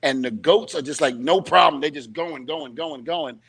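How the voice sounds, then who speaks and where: A man hosting a casual interview, telling stories in an animated, emphatic way. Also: on the high side, moderate pace, slightly rough. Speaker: host.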